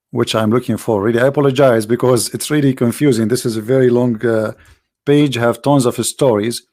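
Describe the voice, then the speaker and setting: A man with an Arabic accent hosting a live stream, reading and translating a text aloud in halting English with many restarts. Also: medium pitch, gravelly, a little mellow. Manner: halting, restarts and searches for words.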